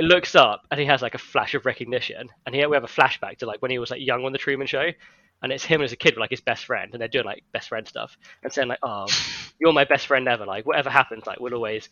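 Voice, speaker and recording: Casual male storyteller, quick and bright-voiced, dry muffled recording, chatty rambling delivery. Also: medium pitch, no room sound. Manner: rambling storytelling, heavy use of "like". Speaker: friend retelling an imagined film plot. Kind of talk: casual chat among friends.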